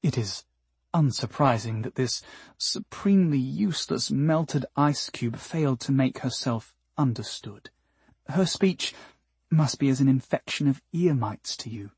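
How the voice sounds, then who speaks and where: A man's voice: medium pitch, animated, a little slow, a little mellow, husky, dry recording, full character voice. A man voicing a chipper alien translator device that adds mocking, insulting asides, in an audiobook. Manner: chirpy helper, mocking asides. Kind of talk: audiobook character voice.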